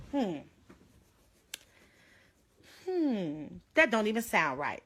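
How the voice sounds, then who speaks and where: A woman's voice: on the high side, huge pitch swings, slow, pauses often, a bit bright. A young woman pleading urgently into her phone on a livestream, holding back tears. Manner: urgent, pleading, tearful at times. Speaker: livestreamer sharing her own illness.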